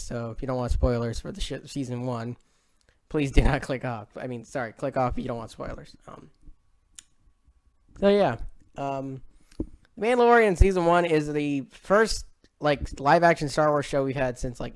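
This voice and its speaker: A man's voice: medium pitch, clean tone. Rambling young man reviewing a show. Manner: rambling, frequent fillers and self-corrections. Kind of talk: casual video review.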